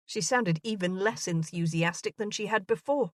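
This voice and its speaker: A woman narrating a historical romance audiobook in a measured, even manner. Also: mid-range voice, dry recording, studio quality.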